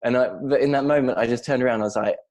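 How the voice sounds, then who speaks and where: A man's voice: mid-range voice, racing. An English man telling stories as a podcast guest, acting out quotes and laughing often. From England. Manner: animated storyteller, acts out quotes with laughter. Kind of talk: casual chat.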